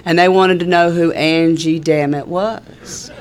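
A woman's voice: on the low side, steady tone, measured pace. A woman with a Southern US accent telling a personal story in a wry, laid-back, humorous way, with a drawl and plenty of fillers. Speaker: speaker sharing a recovery story.

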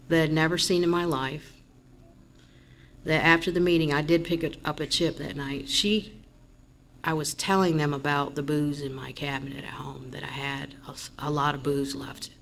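A woman shares a candid, rambling personal testimony at a recovery meeting, rising to loud frustration when retelling certain moments. Her low voice is steady-toned with vocal fry, at normal speed, and the recording has a slight hiss or hum.

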